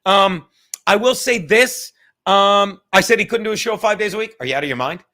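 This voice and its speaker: A man's voice: high voice, moderate pace, bright, forceful tone. A tired man hosting a casual live stream from home, rambling and swearing, with joking asides to the chat. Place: home room.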